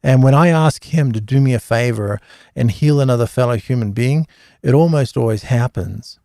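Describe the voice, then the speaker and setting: A man's voice: mid-range voice, normal speed, mellow, dry recording, clean studio sound. A middle-aged man hosting a live Q&A, telling rambling, anecdotal stories in a casual religious talk, full of fillers and restarts. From Australia. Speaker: host of a live Q&A.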